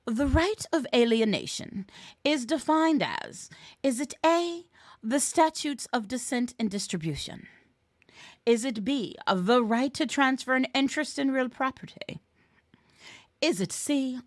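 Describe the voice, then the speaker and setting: Playful, high-voiced woman tutor. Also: dry recording, studio quality. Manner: playful, chatty, sings snippets and cheers. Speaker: real estate exam tutor. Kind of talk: live webinar teaching.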